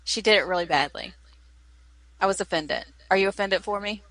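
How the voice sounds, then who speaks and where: A woman's voice: mid-range voice, normal speed, fairly bright tone, no echo. A Southern woman co-hosting a podcast, chatty and opinionated, often laughing. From American South. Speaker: podcast co-host. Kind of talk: casual chat.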